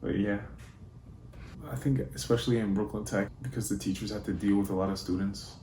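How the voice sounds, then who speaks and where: A young man telling personal stories in a relaxed, laid-back way, with frequent fillers. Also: fairly low pitch, fairly quick, slight background noise. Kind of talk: casual personal storytelling. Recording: roomy with faint ambience.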